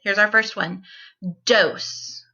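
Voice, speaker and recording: A woman teacher guides young children through phonics, sounding out every word at a very slow, careful pace. Her voice is bright and clear, though the recording itself sounds a little dull and lo-fi. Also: medium pitch.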